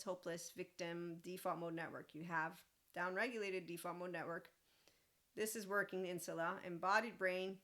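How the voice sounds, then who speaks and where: A woman's voice: fairly low pitch, a bit bright. A woman hosting a casual spiritual self-help monologue, rambling and laughing often as she mimics other voices in quotes. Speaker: host.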